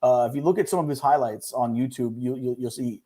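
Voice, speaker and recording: Fast-talking animated male sports co-host. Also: mid-range voice. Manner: animated, quick, talks over others. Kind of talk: casual sports chat.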